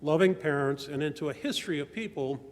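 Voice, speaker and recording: An older man giving a personal testimony talk to his church, telling family stories in a measured, reflective way. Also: fairly high pitch. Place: large church sanctuary. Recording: long church reverb.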